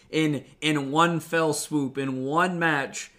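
A man's voice: fairly high pitch, steady tone, drawn-out words, pushed and bright. A young adult man co-hosting a podcast, recapping wrestling in casual, rambling chat full of fillers, with a wry tone. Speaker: podcast co-host.

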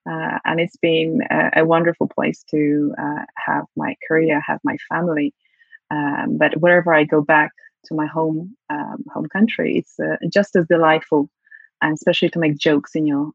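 A woman's voice: low-pitched, flat delivery, moderate pace, gravelly, slightly rough, dry recording, narrow, tinny audio. A woman from Poland with a British accent touched by her Polish mother tongue, a guest speaking reflectively with many fillers. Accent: Polish-tinged British English. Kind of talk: interview conversation.

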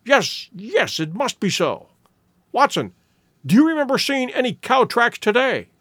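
A man voicing an eager, sharp male detective who makes brisk, emphatic deductions in an audiobook reading. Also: very high-pitched, very animated, no room sound, clean studio sound, voice pushed up, full character voice. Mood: excited, insistent.

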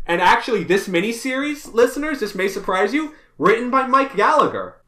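A man's voice: high-pitched, very animated, a little fast, bright, forceful tone, echoey room. A man co-hosting a podcast, recapping comics in a loose, joking, profane way. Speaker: podcast co-host. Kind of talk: casual comic book recap chat.

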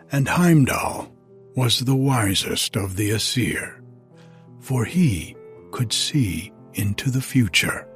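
A man narrating a myth as a storybook reading, in a slow and deliberate manner. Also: lowish voice. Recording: faint background music.

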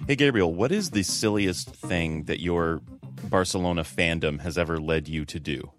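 A man hosting a casual sports podcast, telling a relaxed, reflective story. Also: low voice, normal speed, over music. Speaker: podcast host. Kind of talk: casual chat.

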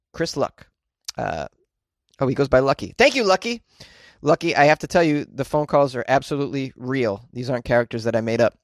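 A man's voice: medium pitch, no echo. Rambling, joking American man, dry close sound. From United States. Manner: joking, rambling, animated outbursts. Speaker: podcast host. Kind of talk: casual comedic monologue.

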